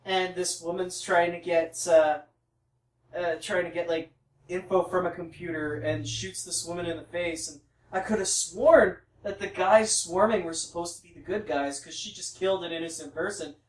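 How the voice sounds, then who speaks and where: A man's voice: high voice, fairly even intonation, moderate pace. A man co-hosting a podcast, rambling through anecdotes in casual chat. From Canada. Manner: rambling anecdotes, lots of fillers. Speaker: podcast co-host. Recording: echoey room, distant mic.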